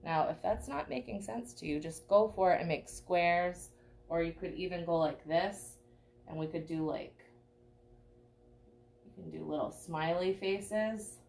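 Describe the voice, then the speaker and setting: A woman's voice: lowish voice, unhurried, vocal fry, a little mellow. A young woman teaching a live online painting class, chatty and encouraging, checking in with "okay?" often. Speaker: art teacher.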